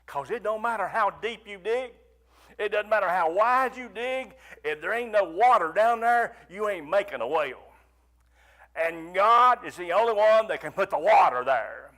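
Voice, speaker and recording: A man preaching a fervent sermon, rising to near shouts and pleading prayers. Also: high voice, expressive, normal speed.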